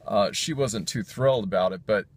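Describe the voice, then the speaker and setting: A man's voice: fairly low pitch, normal speed, breathy edge. A man casually recapping a sermon's jokes, rambling with fillers and self-corrections and chuckling as he goes. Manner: chuckles while telling jokes.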